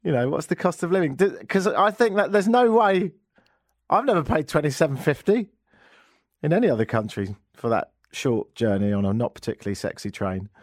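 A man's voice: on the high side, animated, a little fast, no echo, studio quality. A man with an English accent hosting a radio talk show, ranting with sarcastic, joking asides.

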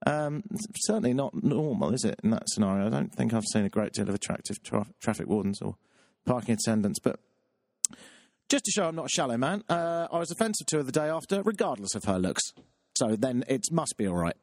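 Man, talk radio dj, self-deprecating, rambling, wry, dry close sound, mid pitch. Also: sing-song, a little fast, a little mellow, no room sound. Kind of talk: confessional radio monologue.

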